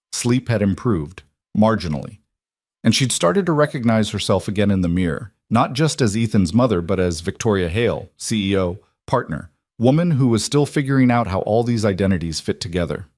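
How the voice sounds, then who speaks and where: Low-voiced man narrating a story. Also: darkish tone, dry recording, clean studio sound.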